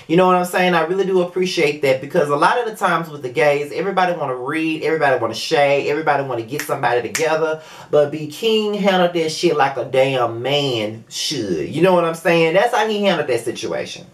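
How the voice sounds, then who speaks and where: A young man giving a casual, profane review to the camera, his pitch swinging widely up and down as he gets worked up. He tosses in filler asides as he goes, and his tone stays chatty rather than scripted. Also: animated, a little fast, slight background noise. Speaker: show host reviewing a reality series. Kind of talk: casual video review commentary.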